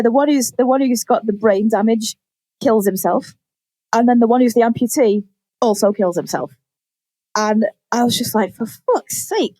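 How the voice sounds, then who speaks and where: Animated woman telling a story. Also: on the high side, dry recording. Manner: animated storytelling, quick acted-out quotes, frequent swearing. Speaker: podcast co-host. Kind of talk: casual chat.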